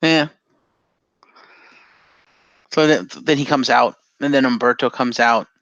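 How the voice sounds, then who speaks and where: A man's voice: mid-range voice, a little slow, a bit bright, no room sound, highs cut off. A man co-hosting a casual podcast, recapping in a rambling way with frequent swearing. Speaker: podcast co-host. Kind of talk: casual chat.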